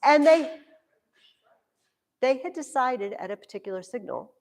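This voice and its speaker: A woman teacher tells a history story to her class with a joking, animated delivery. Her voice sits fairly high and swings widely in pitch. The classroom leaves a long, echoey reverb on every word. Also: a little slow, a little hiss or hum.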